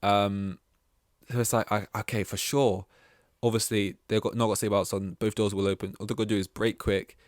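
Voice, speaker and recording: A man's voice: on the low side, flat delivery, a little fast, no echo, studio quality. A young man from England rambling casually on a solo podcast, often cutting himself off mid-thought. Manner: meandering, self-interrupting, casual. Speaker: podcast host.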